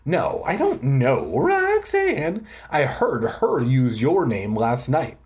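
A reader voicing a friendly, lonely invisible twelve-year-old boy who talks in a quick, easygoing way. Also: mid-range voice, huge pitch swings, darkish tone. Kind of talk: audiobook reading.

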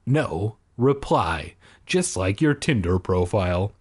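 A man's voice: on the low side, very animated, slow pace, darkish tone, slightly rough. A man reading a children's book aloud, cutting in with sarcastic jokes. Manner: sarcastic, jokey interruptions. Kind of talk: comedic book reading with asides.

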